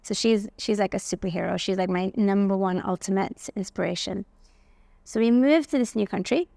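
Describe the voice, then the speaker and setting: Gravelly-voiced woman telling stories. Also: mid-range voice, moderate pace, no room sound. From England. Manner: animated, acts out quoted voices, frequent "like". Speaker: guest, facial aesthetics practitioner. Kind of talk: personal storytelling interview.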